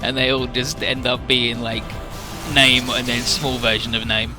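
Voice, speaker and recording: A man's voice: medium pitch, level tone, measured pace. A young man streaming a game, rambling casually and profanely about the story over game music. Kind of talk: casual gaming commentary.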